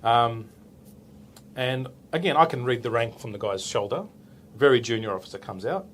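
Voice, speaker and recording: In a mid-range voice at a moderate pace, an Australian man in his forties, a police officer, tells a story during an interview. He's relaxed but animated, voicing the dialogue himself and adding "right?" to his lines. A slight hiss or hum sits under the recording.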